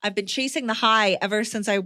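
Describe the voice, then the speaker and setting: A woman's voice: medium pitch, sharp tone, dry recording. Chatty woman co-host, dry sound. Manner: chatty, quick to laugh, mimics reviewers. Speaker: podcast co-host. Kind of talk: casual chat.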